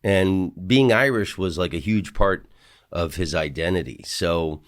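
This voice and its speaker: A man's voice: deep voice, measured pace. A middle-aged man from the United States hosting a podcast, telling rambling stories with asides and restarts from a hotel room. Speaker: podcast host. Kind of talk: casual storytelling monologue.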